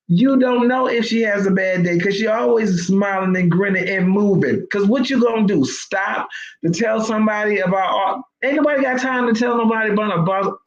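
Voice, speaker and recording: Woman life coach, motivational talk, emphatic and preachy, echoey room, muffled sound. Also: mid-range voice. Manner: emphatic, preachy exhortation with repetition. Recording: roomy, dull lo-fi sound.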